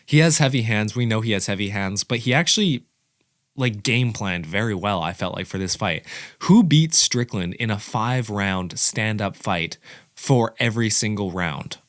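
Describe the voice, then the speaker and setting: A man with a low voice hosts a casual fight reaction, talking excitedly and rambling. He trips over his own details and corrects himself mid-thought. The sound is close and dry, with no room around it. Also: moderate pace, no room sound. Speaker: host of a combat sports reaction channel. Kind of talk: casual commentary.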